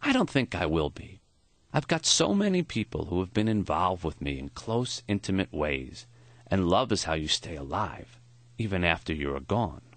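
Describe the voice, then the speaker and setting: A man's voice: big pitch swings, moderate pace, no room sound. A man putting on a frail, foggy old professor. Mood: tender. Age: 70s. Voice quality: foggy, high-pitched voice. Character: frail elderly male professor, gentle and wise.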